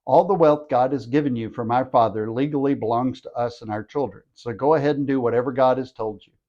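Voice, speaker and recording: A man's voice: mid-range voice, a little fast, dark tone, highs cut off, lightly acted. A man reading the part of two young wives speaking plainly about their father. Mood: resentful.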